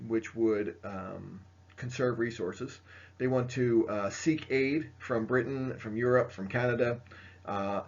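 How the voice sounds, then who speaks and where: Male teacher with a mid-pitched voice, lecturing casually over slides, dull lo-fi recording. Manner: casual, filler-heavy, pointing at slides. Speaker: history teacher.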